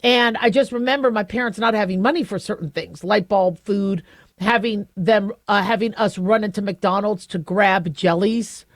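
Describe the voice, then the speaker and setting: A woman's voice: medium pitch, moderate pace, dry recording. A middle-aged woman who is a physician and radio host, talking in a chatty, self-deprecating monologue with frequent restarts. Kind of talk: casual talk radio monologue.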